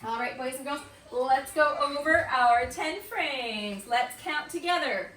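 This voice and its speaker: A woman teaching kindergarten and first graders in an online morning meeting, slow and sing-song. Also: high-pitched, fairly bright tone, roomy sound, far from the mic, a little hiss or hum. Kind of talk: remote morning meeting lesson. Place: at home or classroom on camera.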